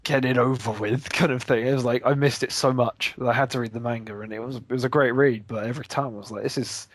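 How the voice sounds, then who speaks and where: A man's voice: medium pitch, fairly even intonation, fast. A man co-hosting a casual podcast, joking and crude with dry banter. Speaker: podcast co-host. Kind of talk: casual chat.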